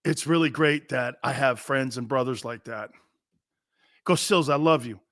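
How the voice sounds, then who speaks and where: A middle-aged man hosting a sports talk show, rambling and telling stories with loud bursts and laughter. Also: medium pitch, normal speed, no room sound, studio quality. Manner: loud, excitable, storytelling with bursts of shouting and laughter.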